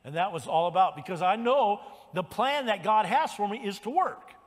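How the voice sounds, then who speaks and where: A man's voice: sits high, normal speed. Older male pastor preaching in a hall. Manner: animated storytelling, acts out quotes. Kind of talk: sermon.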